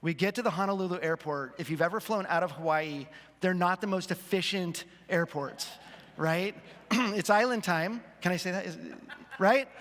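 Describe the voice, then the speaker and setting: A man's voice: sits high, moderate pace, fairly bright tone. A man in his fifties, a pastor telling a self-deprecating story in a sermon to his church. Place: church auditorium. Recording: long hall reverb.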